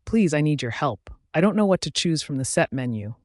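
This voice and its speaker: A man voicing a calm, blunt young male alpha werewolf who speaks matter-of-factly. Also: a little high, fairly quick, dry recording, clean studio sound.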